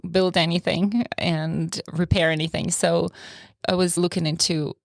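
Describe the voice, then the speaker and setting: A woman's voice: lowish voice, little pitch movement, a little slow, creaky, no room sound, studio quality. A woman in her forties from Russia with a Russian accent, chatting as a podcast guest, laughing often as she explains things. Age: 40s. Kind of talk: casual chat.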